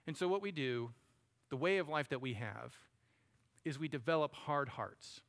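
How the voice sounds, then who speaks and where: A man's voice: mid-range voice, animated, normal speed, creaky, fairly bright tone. A man preaching a sermon, talking to the congregation in a conversational way and calling them buddy and friends. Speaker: pastor.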